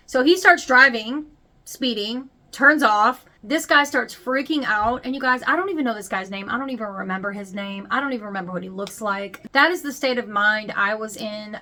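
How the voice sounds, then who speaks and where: A woman vlogger speaks straight to her viewers in a candid, chatty storytime. Her voice sits a bit high, and she leans on key words for emphasis. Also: moderate pace, bright, forceful tone. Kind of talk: confessional storytime.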